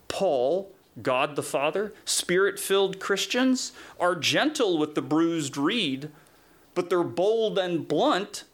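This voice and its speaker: Man, pastor, chatty sermon, slightly high voice, animated quoting. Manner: conversational, animated, acts out quotes with pitch jumps.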